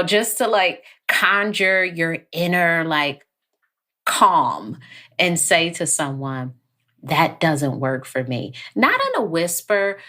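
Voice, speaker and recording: A woman guest on a podcast interview, talking calmly and evenly, sometimes acting out quoted lines. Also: on the low side. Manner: calm, measured, acts out quoted lines. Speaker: therapist guest.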